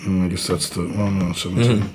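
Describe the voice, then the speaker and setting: A man's voice: low voice, fairly even intonation, fast, darkish tone, slight background noise. A man co-hosting a casual sports talk show, wry and joking as he reads picks aloud. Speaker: podcast co-host.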